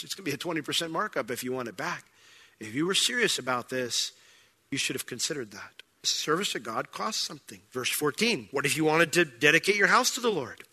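A man's voice: a little high, bright, forceful tone. A man preaching a verse-by-verse sermon as pastor, talking in a conversational way and acting out little scenes with different voices. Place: church sanctuary. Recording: long hall reverb.

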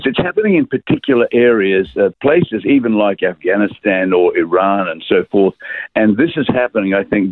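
An older man, an author and pastor, giving measured interview answers with frequent fillers. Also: fairly low pitch, no echo. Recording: tinny phone-line sound.

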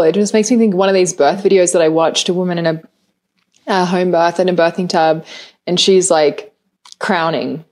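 A woman's voice: lowish voice, fairly even intonation, moderate pace, darkish tone. A woman hosting a podcast who talks emotionally, laughs often and swears casually. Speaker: podcast host. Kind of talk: podcast interview.

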